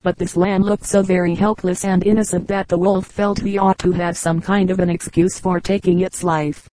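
Low, even-voiced woman narrator. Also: no echo, low-quality recording. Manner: measured, even reading. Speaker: audiobook narrator. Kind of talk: scripted storybook narration.

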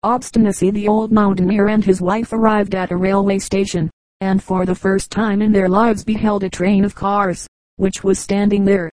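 A woman narrates short comic anecdotes in an even, measured storytelling way. Her voice is mellow and warm. The recording is dry and close, with no room sound around her. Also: mid-range voice, no echo, rough recording. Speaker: audiobook reader. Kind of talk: scripted narration of humorous anecdotes.

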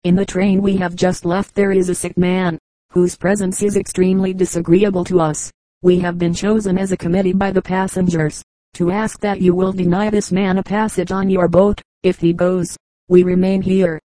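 A woman doing a haughty gentleman spokesman. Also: fairly low pitch, little pitch movement, moderate pace, dry recording, natural voice, rough recording.

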